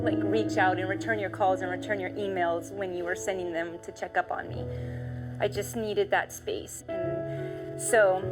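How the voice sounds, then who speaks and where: A woman in her forties from New York, speaking candidly and emotionally in reality footage, often laughing. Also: mid-range voice. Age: 40s. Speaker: documentary subject.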